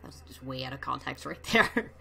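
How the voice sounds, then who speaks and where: A woman commenting on a horror game as she plays, excitable and jumpy, swearing and shrieking at scares and reading the game's text aloud. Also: extremely low pitch, normal speed, creaky. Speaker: let's play gamer. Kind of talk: let's play commentary.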